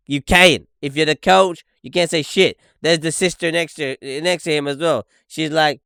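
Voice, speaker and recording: A man's voice: fairly high pitch, moderate pace, hardly any pauses, sharp tone, smooth, no room sound, studio quality. A young man hosting a podcast, ranting and swearing as he comments on video clips, repeating "look" and "okay". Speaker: podcast host.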